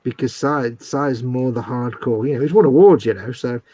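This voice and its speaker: A man's voice: medium pitch, normal speed, warm tone, no echo. A British man co-hosting a casual live stream, joking and laughing often. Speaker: co-host.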